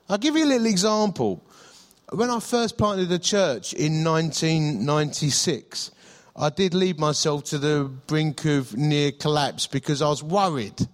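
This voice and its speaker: A middle-aged male pastor, preaching in a chatty storytelling way, with self-deprecating humour and frequent restarts. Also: mid-range voice. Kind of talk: sermon.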